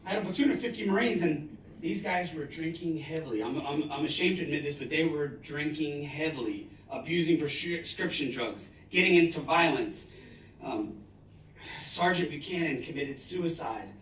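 A man in his forties giving a live motivational talk, telling stories dramatically with bursts of loud emphasis. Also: on the high side, lively intonation, moderate pace, a little hiss or hum. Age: 40s. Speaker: motivational speaker. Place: large lecture hall. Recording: roomy hall, distant mic.

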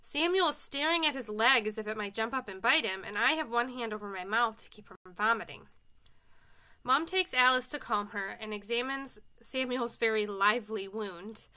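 A woman's voice: on the high side, normal speed, pushed and bright, clear, resonant tone. A woman reading a children's novel aloud as an audiobook, with friendly, casual asides to her listeners. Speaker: reader.

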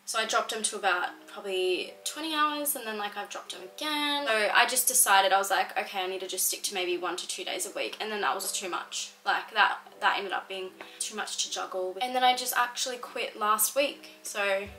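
Young aussie woman chatting thru a q&a vlog, bright voice, bit of music under it. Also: medium pitch, brisk, few pauses, rough recording. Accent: Australian. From Australia. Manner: chatty, fills speech with "like". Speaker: fitness content creator. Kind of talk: casual Q&A vlog.

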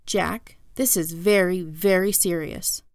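A woman reading as a calm, serious school principal. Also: on the low side, no room sound, clean studio sound. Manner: measured, patient, serious.

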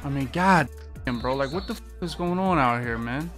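A man's voice: medium pitch, lively intonation, moderate pace, a bit bright, faint music behind. A young man giving live, trash-talking commentary on his football video game, full of slang and sudden outbursts. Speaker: gaming streamer.

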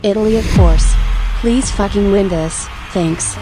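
A woman presenting jury votes in a blunt, offhand, deadpan way. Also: mid-range voice, a little slow, over music. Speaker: jury spokesperson. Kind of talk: scripted vote presentation.

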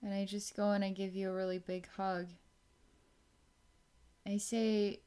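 A woman giving a psychic healing session, musing slowly and trailing off with fillers. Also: medium pitch, level tone, dark tone, smooth. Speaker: psychic energy healer.

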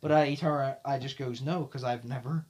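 A man hosting a podcast, telling a story in a casual chat, talking fast and loud and swearing often. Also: mid-range voice, steady tone. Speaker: podcast host.

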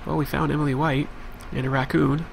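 A man's voice: on the high side, flat delivery, fairly quick, creaky, heavy background noise. A man giving casual, chatty commentary while playing a video game, thinking aloud and putting on mock outrage at times. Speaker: let's play commentator. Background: game music.

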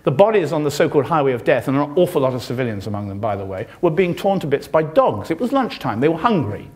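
A man's voice: sing-song, fast talker. An older man with a British accent giving an impassioned, sardonic lecture as a journalist in a university hall. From Britain. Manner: impassioned, sardonic, pitch swings widely when stressing points. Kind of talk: passionate public lecture.

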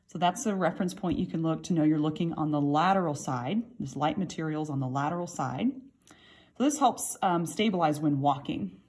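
A woman's voice: sits low, fairly quick, a little mellow, slightly rough. A middle-aged woman anatomy instructor giving a recorded lab lesson, explaining patiently while turning a model.

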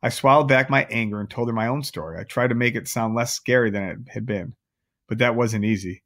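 A man's voice: mid-range voice, fairly quick, fairly bright tone. A man reading a novel aloud, adding casual chatty asides to his listeners. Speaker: audiobook reader.

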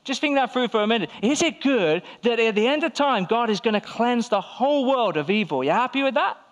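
A man's voice: extremely high pitch, lively intonation, fairly quick. A man pastor preaching a conversational sermon to his church, firing rhetorical questions and acting out quoted voices. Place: church hall.

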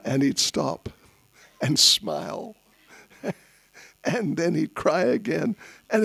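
A man giving a spiritual festival class, telling a story in an unhurried, anecdotal way and chuckling at his own asides. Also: a little high, lively intonation, gravelly, fairly bright tone, no room sound, clean studio sound. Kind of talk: storytelling sermon.

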